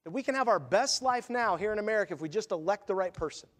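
A man with a high voice preaches a sermon, talking to the congregation like a friend and acting out quotes along the way. His words ring out with a long reverb, as in a large church sanctuary. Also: animated, quick pace, a bit bright. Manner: conversational preaching with asides and acted quotes. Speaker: pastor.

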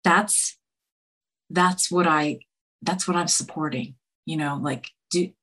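A woman talking earnestly as a guest, halting and searching for words with many restarts. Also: sits low, bright, forceful tone. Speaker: podcast guest. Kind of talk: earnest conversation.

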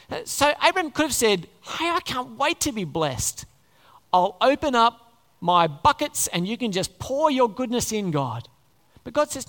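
A preacher giving a sermon to a live congregation, talking in an animated way and often putting questions to the listeners. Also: mid-range voice, unhurried. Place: large hall before a congregation. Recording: long hall reverb.

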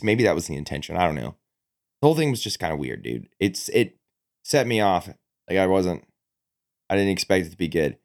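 Very deep-voiced slangy podcast guy. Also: a little mellow. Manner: blunt, slangy, says "dude" a lot. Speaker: podcast co-host. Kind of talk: casual chat.

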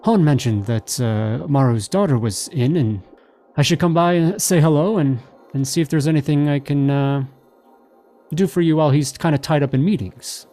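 A man's voice: fairly high pitch, moderate pace, warm tone, faint music behind, natural voice. A man voicing a mild, hesitant office assistant who rambles politely about his work.

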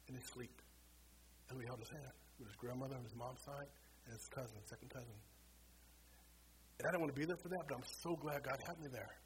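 A man's voice: medium pitch, a little hiss or hum, rough recording. A middle-aged man preaching a sermon, telling a personal testimony with strong emotion. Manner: emotional, rising to pleading cries.

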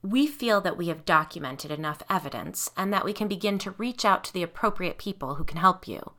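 A woman doing an alarmed husband who shouts demands in a bright, forceful voice. His lines come hard and loud, with a lowish pitch for the reader. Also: lively intonation, fairly quick. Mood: businesslike. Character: alarmed, angry husband, a man.

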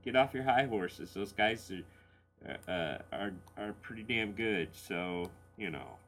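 A man's voice: on the low side, expressive, unhurried, fairly bright tone, a little hiss or hum. A middle-aged man hosting a blues radio show, casually answering listener letters in a rambling, candid way with plenty of fillers and chuckles.

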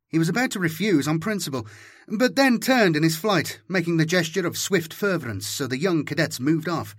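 Guy narrating a sci-fi audiobook, husky, fairly high voice, dry close sound. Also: dry recording. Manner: dramatic, animated storytelling. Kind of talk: scripted narration.

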